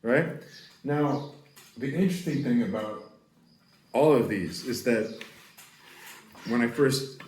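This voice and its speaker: An American man giving a casual, profane French lesson, rambling with laughs and shouting out example curses. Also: mid-range voice, slow, pauses often, roomy sound. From United States. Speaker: French teacher.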